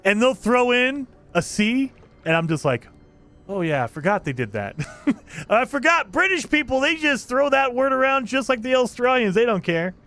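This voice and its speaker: A man's voice: very high voice, animated, moderate pace, sharp tone. A man chatting casually on a live stream, reading chat aloud, laughing often and restarting his sentences.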